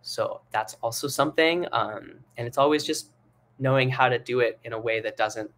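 Young male singing coach, mid pitch, relaxed rambling delivery with fillers. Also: moderate pace, a little hiss or hum. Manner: relaxed, rambling explanations with many fillers, breaks into sung and head-voice demos. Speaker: singing teacher. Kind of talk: live online singing lesson.

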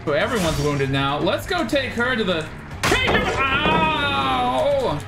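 An excitable woman streamer whose pitch swings widely as she reacts to a game. She swears and trash-talks her opponents between thank-yous to viewers. Game music plays clearly underneath her. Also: moderate pace. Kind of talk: live gameplay streaming commentary.

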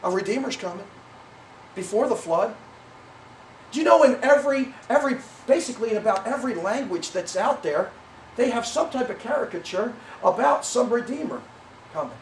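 This middle-aged pastor's sermon comes through a distant mic in a church sanctuary, giving roomy church sound with slight background noise. His voice is very high-pitched and expressive at normal speed, and he rambles and corrects himself with many fillers.

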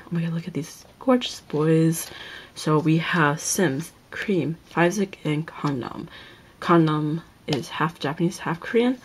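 A woman's voice: deep voice, measured pace, slightly rough, rough recording. A young woman gushing over an album as she unboxes it, exclaiming "oh my god" over and over and often slipping into a whisper. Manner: gushing, keeps repeating oh my god, drops into whispers. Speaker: unboxing vlogger. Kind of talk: excited casual unboxing chat.

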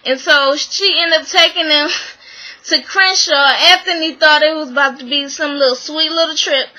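A woman casually recapping a reality show, animated and exasperated, slangy and swearing freely as she acts out the people in it. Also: sits high, normal speed, rough recording.

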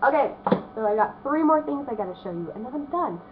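A high, animated, quick-paced voice belongs to a vlogger in her thirties rambling casually about her book haul. She's congested and uses many fillers, and the tinny, phone-like lo-fi recording has slight background noise.

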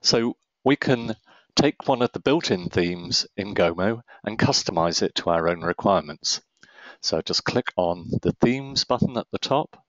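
A man narrating a screen-recorded software tutorial, giving calm step-by-step instructions. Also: on the low side, a little slow, no echo. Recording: dry, slightly dull close-mic voice-over.

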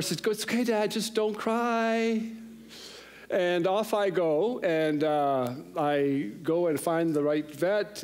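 Animated middle-aged male church elder. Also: fairly high pitch. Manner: animated storyteller, voices others in the tale. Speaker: elder preaching a sermon. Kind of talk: sermon with personal storytelling. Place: church sanctuary.

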